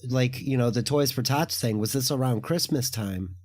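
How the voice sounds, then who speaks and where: A man's voice: medium pitch, normal speed, a little mellow. A man co-hosting a casual chat, speaking hesitantly with many fillers and apologies. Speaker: co-host.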